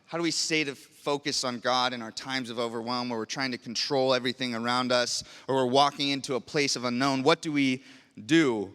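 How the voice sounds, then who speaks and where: A young man serving as pastor delivers a sermon from the church sanctuary in a smooth, sharp-toned voice of medium pitch. Earnest and personal, he asks rhetorical questions and draws on his own life stories, all carried by the long reverb of a big hall.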